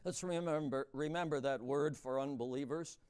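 A man preaching a sermon in a dramatic way, dropping to a hush and then booming out, drawing out key words. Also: moderate pace, smooth. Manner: dramatic, swings between hushed and booming, stretches key words.

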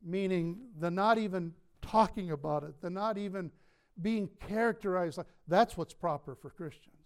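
A male pastor preaching a sermon in a church, emphatic, with slow stressed words and light chuckles. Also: high-pitched, clear, resonant tone. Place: church sanctuary.

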